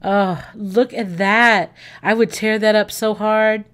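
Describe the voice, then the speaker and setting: A woman's voice: mid-range voice, slow, clear, resonant tone. A bubbly woman chats on a casual livestream. She gushes and exclaims to her viewers as she browses recipes. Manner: excitable, gushing, talks to viewers. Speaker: livestream host.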